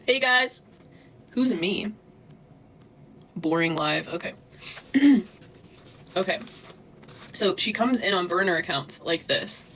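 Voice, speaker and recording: A woman's voice: mid-range voice, a bit bright, low-quality recording. A woman streaming live from her phone, ranting angrily and swearing as she confronts people in her chat. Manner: angry, profane, confrontational. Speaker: livestreamer. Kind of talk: livestream rant.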